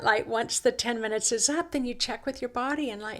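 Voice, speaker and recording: A woman hosting a reflective self-help talk, coaxing and unhurried, who slips into quoted inner dialogue. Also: a little high, a bit bright. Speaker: host.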